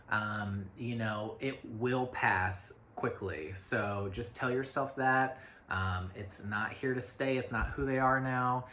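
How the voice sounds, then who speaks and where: A man's voice: medium pitch, takes it slowly, bright, forceful tone. A man giving a casual spoken astrology forecast, rambling along with many fillers and little asides to himself. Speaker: astrology reader. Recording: echoey room with faint noise.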